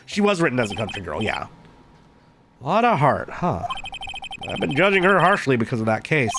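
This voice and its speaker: A man's voice: medium pitch, sing-song, moderate pace, pauses often. A man casually commenting while playing a game, chatty and joking, often stumbling over his words. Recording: background music.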